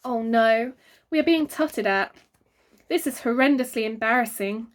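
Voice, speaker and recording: A woman's voice: on the high side, measured pace, lightly acted. A woman voicing a meek, fussy little father who pleads and frets politely. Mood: embarrassed.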